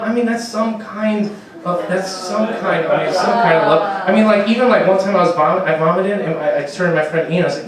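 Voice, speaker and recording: A man's voice: high-pitched, animated, fairly quick, over a noisy crowd. A man doing a rambling, profane stand-up comedy set on a comedy club stage, laughing at his own jokes. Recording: very echoey room, distant mic, faint ambience.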